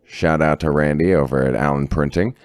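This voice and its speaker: An extremely deep-voiced man co-hosting a podcast, boisterous and swaggering, dropping swear words as he goes. His voice sits dry and close, with no room sound around it. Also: steady tone, brisk, smooth, no room sound. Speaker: podcast co-host. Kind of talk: casual chat.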